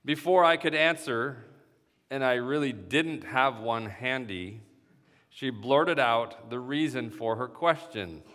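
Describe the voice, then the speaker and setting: Man, story reading, measured, mid-pitched, reverberant. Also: fairly bright tone. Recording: reverberant hall sound.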